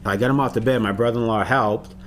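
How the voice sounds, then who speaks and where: A middle-aged man, a bereaved father, recalling a hard morning in an interview, halting and repeating himself. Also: mid-range voice, steady tone, slight background noise. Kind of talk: interview recollection.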